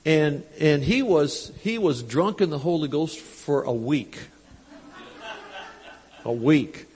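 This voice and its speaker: A man preaching at a live convention, telling a story with quoted dialogue in a folksy, animated way, on a handheld mic. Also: fairly high pitch, takes it slowly, breathy edge. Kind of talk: storytelling sermon. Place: large church convention hall. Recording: live hall recording with long reverb.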